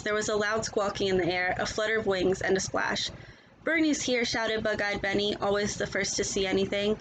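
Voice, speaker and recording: Woman storyteller, gentle children's read-aloud, mid pitch. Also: a little hiss or hum, rough recording.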